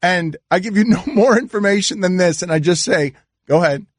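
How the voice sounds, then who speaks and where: A man hosting a sports radio show, teasing his producer with incredulous questions and halting restarts. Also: high voice, no room sound, studio quality.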